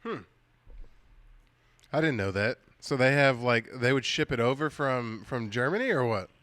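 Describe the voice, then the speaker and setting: A man's voice: medium pitch, lively intonation, moderate pace, a bit bright, no echo. A man co-hosting a comedy podcast, chatting casually and making crude jokes. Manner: crude, joking. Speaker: podcast co-host.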